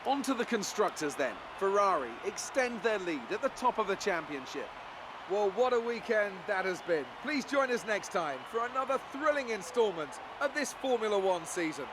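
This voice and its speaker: A man's voice: sits high, big pitch swings, normal speed. An actor playing a male TV race presenter in a racing game, giving scripted broadcast commentary in a polished, formal delivery. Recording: clear background noise.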